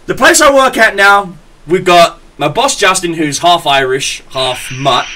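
Man, podcast host, lively bright voice, rambling crude stories, faint hiss. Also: high-pitched, measured pace. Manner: rambling anecdotes, loud laughing, stammering restarts. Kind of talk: casual chat, storytelling.

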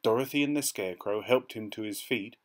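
A man reading a children's story aloud with expressive storytelling. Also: on the low side, fairly quick. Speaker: storybook reader.

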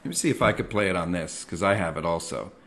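Middle-aged male comedian host, ranting monologue, bright edgy tone. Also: deep voice, fast talker, slight background noise. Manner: animated, self-mocking ranting with sudden yells. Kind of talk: comic monologue.

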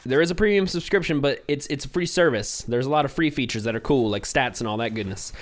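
A man's voice: medium pitch, fast talker. A young man giving casual, rambling commentary over his video game play, hyper and easily distracted. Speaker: gaming commentator.

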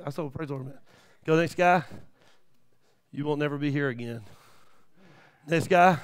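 Fifty-something preacher guy in a church, high smooth voice, goes quiet then shouts, lots of amens. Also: animated, normal speed, pauses often. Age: 50s. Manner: emphatic preaching that swings from quiet asides to shouted peaks; folksy, with frequent amens and praise the lord. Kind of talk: live church sermon with storytelling.

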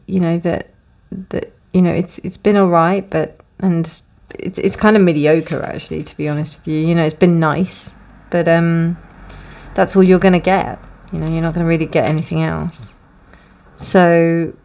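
Low-voiced woman giving a tarot reading. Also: warm tone. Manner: rambling, many restarts and fillers. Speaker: tarot reader. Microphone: close, dry room with windows closed.

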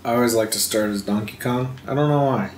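A man's voice: mid-range voice, quick pace, a little hiss or hum. A man with hiccups playing a video game and chatting casually with friends, swearing now and then. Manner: laid-back, swears casually. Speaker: player commentating a video game. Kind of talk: casual let's-play banter. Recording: roomy room sound.

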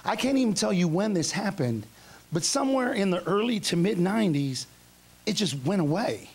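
A middle-aged male pastor preaching a revival sermon, telling stories and acting out his own past outbursts with shouts, in a church. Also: sits high, very animated, moderate pace, vocal fry, husky. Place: church sanctuary.

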